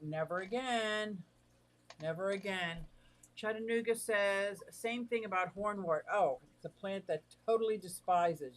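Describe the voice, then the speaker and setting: A chatty livestream host who reads viewer comments aloud and answers them, easily excited and warm. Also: mid-range voice. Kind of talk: casual livestream chat.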